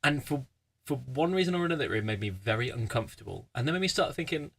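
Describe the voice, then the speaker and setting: A man co-hosting a podcast, talking in a reflective, halting way with many restarts. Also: medium pitch, expressive, creaky, fairly bright tone, husky. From United Kingdom. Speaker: podcast co-host. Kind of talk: casual chat.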